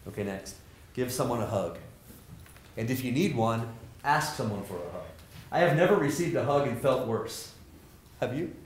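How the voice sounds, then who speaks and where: A middle-aged man giving an energetic, joking lecture to students, acting out the people in his stories. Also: medium pitch, normal speed, pauses often. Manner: animated, joking, acts out quoted people. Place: lecture hall with audience. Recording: roomy hall sound, faint noise.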